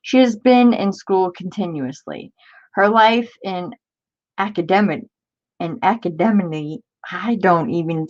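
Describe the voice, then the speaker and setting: On a crafting livestream, a woman with a lowish, slightly mellow voice chats casually at an unhurried pace, the sound lo-fi. She reads old-fashioned text aloud, stumbling on difficult words and exclaiming in disbelief.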